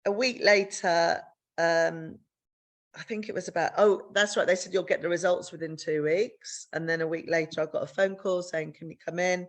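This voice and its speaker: A woman's voice: steady tone, moderate pace. Middle-aged British woman, podcast co-host, blunt and candid, swears, voices the people in her story. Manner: frank, swears freely, re-enacts dialogue with big pitch jumps.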